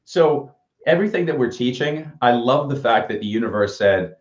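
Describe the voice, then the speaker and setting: A man's voice: medium pitch, animated, moderate pace. A man in his fifties co-hosting a casual livestream chat, telling upbeat motivational stories. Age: 50s. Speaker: co-host. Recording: echoey, dull lo-fi audio.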